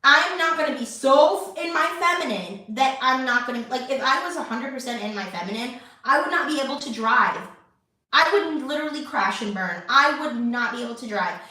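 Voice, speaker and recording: A woman's voice: a little high, expressive, brisk, pushed and bright, recorded from a distance. Chatty woman in an echoey room. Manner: chatty, many fillers and restarts. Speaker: lifestyle channel host. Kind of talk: casual talk to camera.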